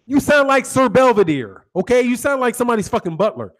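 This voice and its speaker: A man's voice: very high-pitched, big pitch swings, fast, fairly bright tone. An American man hosting a boxing channel, ranting casually with a lot of swearing and laughter. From United States. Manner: profane, teasing, laughs often.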